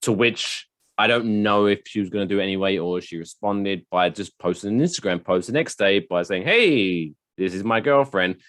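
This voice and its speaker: A man's voice: sits low, fairly quick, fairly bright tone, no room sound. A man hosting a casual comedy podcast, rambling through a story and swearing freely. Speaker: podcast host.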